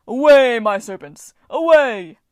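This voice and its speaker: A boastful male farm god booms and lectures with grand, dismissive flair, voiced by a woman narrator. The sound is dry and close, with a mid-range voice pushed loud. It is an audiobook reading. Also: a little fast, no echo, close to an everyday voice. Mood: exuberant.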